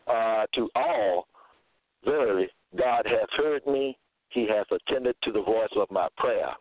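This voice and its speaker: A man giving a slow sermon, reading out scripture verses and checking in with "okay?". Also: mid-range voice, no echo. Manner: reads verses slowly, repeats "okay?". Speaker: preacher. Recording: tinny phone-line sound.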